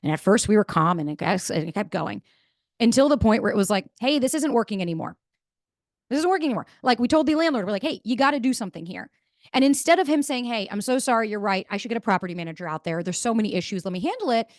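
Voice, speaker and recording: A woman, giving a blunt, animated motivational talk as a podcast host and swearing freely. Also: mid-range voice, quick pace, no echo, studio quality.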